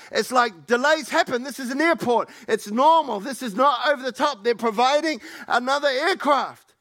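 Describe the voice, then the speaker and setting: Middle-aged male pastor, animated storyteller, high and gravelly. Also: a little fast. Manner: animated, acts out quoted people with raised pitch. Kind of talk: sermon storytelling.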